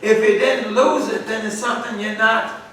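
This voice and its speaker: Bible study teacher in an echoey church room. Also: male voice, sits high, flat delivery, moderate pace. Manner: call-and-response questioning, repetitive emphasis. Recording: echoey room, far from mic, faint noise.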